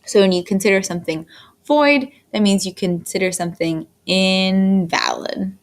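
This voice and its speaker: A woman teaching a history lesson in a recorded lecture, talking in an unhurried, fairly monotone way with frequent fillers and restarts. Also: mid-range voice. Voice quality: monotone delivery. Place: indoors, screen-recorded lecture.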